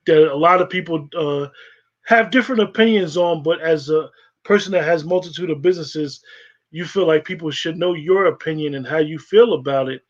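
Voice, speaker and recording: A man hosting a casual livestream talk show, relaxed and slangy with frequent fillers. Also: a little high. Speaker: host. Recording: dull lo-fi livestream audio.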